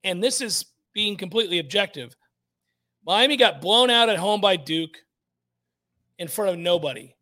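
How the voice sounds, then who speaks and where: A man's voice: high voice, lively intonation, moderate pace, pauses often, sharp tone. A man hosting sports talk radio, blunt and emphatic, repeating points for effect.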